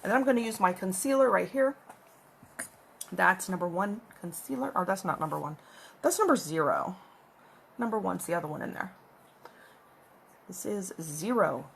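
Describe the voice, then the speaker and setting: A woman's voice: on the low side, animated, normal speed, vocal fry, pauses often, slight background noise. A woman chatting and rambling through a makeup tutorial at home, recorded on a phone. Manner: rambling, chatty, talks while applying makeup. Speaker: makeup vlogger. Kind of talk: casual makeup tutorial chat. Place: at home with her cat. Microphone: phone camera.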